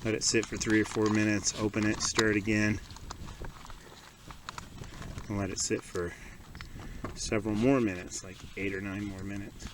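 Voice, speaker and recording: Man, outdoor vlogger, slightly low voice, relaxed and chatty, camera mic, wind noise behind. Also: a little fast. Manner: relaxed, chatty, explains as he goes with small asides. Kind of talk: casual how-to vlog narration. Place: outdoors at a desert campsite in stormy weather.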